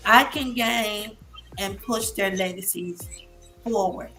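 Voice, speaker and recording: A woman in her fifties speaks with a bright voice that sits a little high. She talks haltingly, with fillers and restarts, and sounds near tears. Faint music plays under her. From Massachusetts. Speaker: guest speaker, licensed therapist. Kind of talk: emotional personal testimony on a live show.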